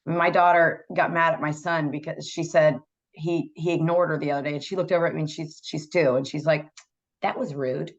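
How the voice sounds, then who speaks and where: Woman guest, lowish voice, jokey and candid, muffled lo-fi audio. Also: little pitch movement, fairly quick. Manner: laughs easily, candid and joking. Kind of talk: casual chat.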